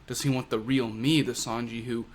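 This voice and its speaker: A man voicing a brooding young male fighter who speaks low, hushed and earnest. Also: steady tone, normal speed, lightly acted. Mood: grave.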